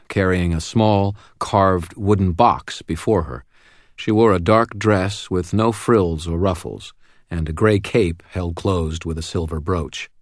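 A man reading first-person audiobook narration in a measured, even storytelling manner. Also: low voice, no room sound, studio quality.

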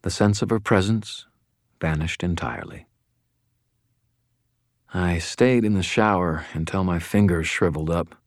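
A man narrating a first-person fantasy audiobook in a steady, wry storytelling manner. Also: deep voice, unhurried, pauses often, no room sound, clean studio sound.

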